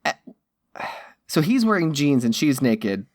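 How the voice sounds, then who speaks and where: A man's voice: on the high side, very animated, slow pace, no echo. Wry male podcast co-host, dry sound. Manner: wry, sardonic quips. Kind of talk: casual chat.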